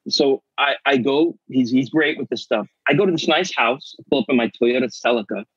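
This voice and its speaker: A middle-aged man, an actor guest, telling animated stories in casual chat and acting out the voices of people he quotes. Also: mid-range voice, a little fast, breathy edge, dry recording, lo-fi sound. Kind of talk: casual storytelling.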